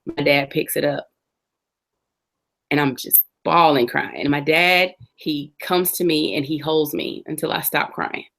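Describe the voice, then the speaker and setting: A woman in her forties, an interview guest, earnestly telling her personal story with reflective pauses and restarts. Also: low voice, fairly even intonation, vocal fry, fairly bright tone.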